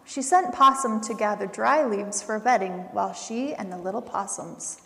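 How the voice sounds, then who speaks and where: Woman reading a story to children, gravelly. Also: medium pitch, moderate pace. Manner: warm, gentle, speaks to children. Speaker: pastor leading children's time. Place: church sanctuary. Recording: long church reverb.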